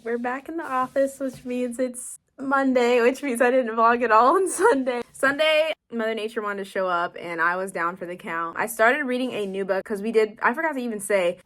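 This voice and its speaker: A young woman chatting casually in her vlog, talkative and quick to get excited. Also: a little high. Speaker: book vlogger.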